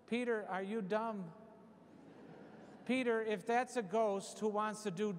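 A middle-aged man giving a parish retreat sermon, telling a story with lively humor. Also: high voice, moderate pace, pauses often. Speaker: retreat preacher. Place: church. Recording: echoey church hall.

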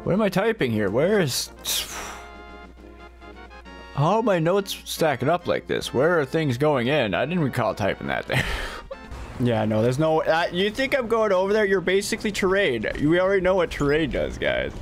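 A man's voice: fairly high pitch, huge pitch swings, moderate pace, faint music behind. A man streaming a video game, tired and losing his voice, joking and laughing, with frick and freaking in place of swears. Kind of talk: casual live-stream commentary.

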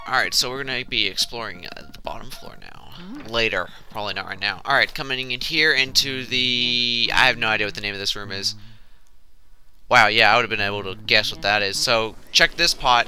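A man's voice: mid-range voice, expressive, moderate pace, sharp tone, a little hiss or hum. A young man giving casual let's play commentary with chatty, mumbled asides.

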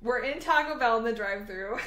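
A woman's voice: a little high, fairly quick, reverberant. A woman co-hosting a podcast in casual chat, telling stories with plenty of swearing and acting out what people said. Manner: animated storyteller, swears freely, acts out quotes. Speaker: podcast co-host.

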